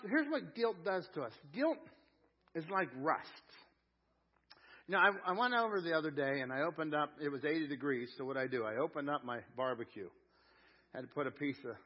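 A man preaching a sermon as pastor, telling homely stories in an emphatic, colloquial way. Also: medium pitch. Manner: folksy storytelling, emphatic, colloquial. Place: church sanctuary. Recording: dull lo-fi sound with long hall reverb.

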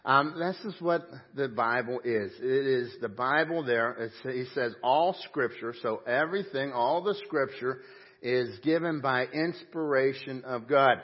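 A man's voice: medium pitch, a little slow. A man pastor preaching a sermon in church, emphatic with folksy asides and audible huffing breath. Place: church sanctuary. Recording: dull muffled audio.

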